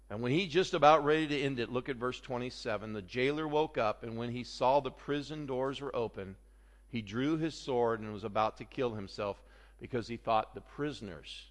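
A man preaching a sermon, animated, swinging between loud outbursts and hushed remarks. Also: medium pitch, long reverb tail. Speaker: pastor.

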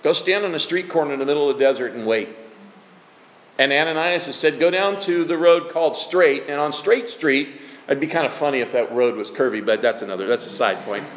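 A man preaching a sermon as pastor, conversational, animated and emphatic. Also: mid-range voice, fairly quick. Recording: echoey hall.

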